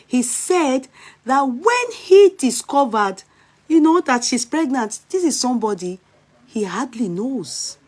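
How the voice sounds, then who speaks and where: A Nigerian woman commenting on a video clip in casual, animated vlog talk, mixing English and Yoruba. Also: high-pitched, slow.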